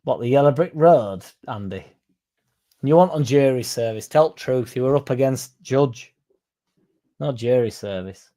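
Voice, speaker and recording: A man's voice: mid-range voice, measured pace, mellow. A young man hosting a fan stream, rambling casually, swearing now and then and reading out viewer comments. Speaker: fan channel host reading chat. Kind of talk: casual live-stream chat.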